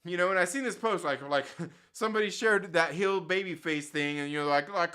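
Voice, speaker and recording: A man's voice: high-pitched, normal speed, hardly any pauses, sharp tone, smooth. A man hosting his own channel, delivering a heated, profanity-laden rant straight to his viewers and mocking other people's views. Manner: heated, swears constantly, mocks others in put-on quotes. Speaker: YouTube channel host. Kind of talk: profane unscripted rant to camera.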